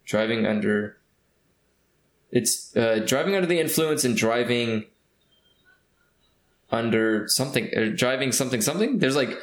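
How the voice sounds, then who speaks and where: A man's voice: mid-range voice, lively intonation, moderate pace, long pauses. Man, from California, casual rambling storytelling, lots of fillers, roomy echo. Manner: rambling, with many fillers and restarts.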